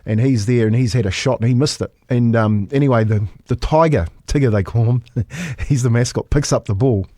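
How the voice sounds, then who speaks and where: A man's voice: mid-range voice, brisk, no room sound, clean studio sound. Laughing New Zealand man telling yarns. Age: 50s. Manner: animated yarn-spinner, laughs through his stories. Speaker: former rugby league coach, guest. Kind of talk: casual storytelling chat.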